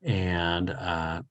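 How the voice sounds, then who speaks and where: A man leading a language study session, reading a story aloud and explaining it in a thoughtful, teacherly way with many pauses. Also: sits low, dark tone, lo-fi sound. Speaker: session leader.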